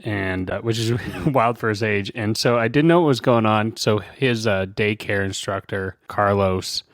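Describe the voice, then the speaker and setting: A man's voice: lowish voice, a little slow, dry recording, studio quality. Tired, laughing man telling a story. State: tired from a child's sleep regression. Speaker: podcast co-host. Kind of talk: casual podcast chat.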